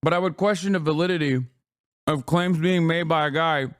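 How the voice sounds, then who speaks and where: A man's voice: fairly high pitch, fairly even intonation, normal speed, smooth. A man in his thirties giving sarcastic, combative stream commentary and swearing often.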